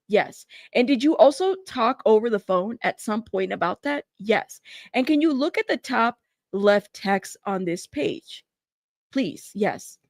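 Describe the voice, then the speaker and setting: A woman reading court transcripts aloud and breaking off with animated reactions of her own. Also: medium pitch, no room sound, studio quality. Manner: animated reactions to the text she reads. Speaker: trial news commentator.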